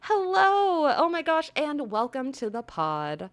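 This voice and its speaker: A young woman hosting a live stream, chatting casually and gushing effusively, swinging between loud excitement and soft earnest talk. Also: sits high, unhurried. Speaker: livestream host.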